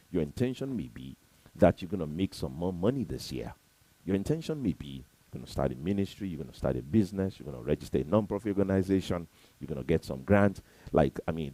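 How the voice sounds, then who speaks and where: A man giving an emphatic, preachy motivational talk to camera, repeating his points and swinging between loud and soft. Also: low voice, husky, no echo, low-quality recording. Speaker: motivational speaker.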